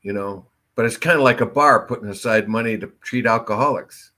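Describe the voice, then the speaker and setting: A man's voice: medium pitch, a little fast, bright, forceful tone. A man co-hosting a local talk show in casual chat, with a rambling, anecdotal way of talking.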